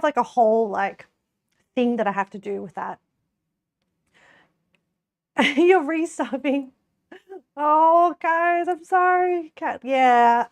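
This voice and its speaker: A woman's voice: on the high side, dry recording. Giggly young woman streamer, dry sound. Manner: chatty, giggly, laughs often, many fillers. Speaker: live streamer. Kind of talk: casual live-stream chat while cooking.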